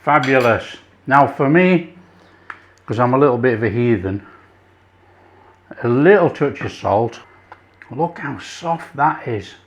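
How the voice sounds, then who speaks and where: A man's voice: medium pitch, expressive, slow pace, long pauses. An Englishman hosting a cooking channel, tasting his food with enthusiastic chuckles and savoring sounds. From England. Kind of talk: casual cooking vlog with tasting.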